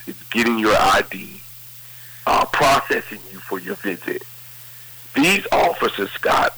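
A man's voice: on the low side, pushed and bright, slightly rough, no echo, low-quality recording. A man telling a story as an interview guest, vividly retelling events with lots of quoted dialogue. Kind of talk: conversational storytelling.

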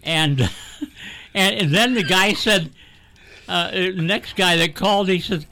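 Older guy on local radio, gravelly voice, folksy teasing storyteller. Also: sits high, takes it slowly, long pauses, sharp tone. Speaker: radio show regular. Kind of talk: casual radio chat.

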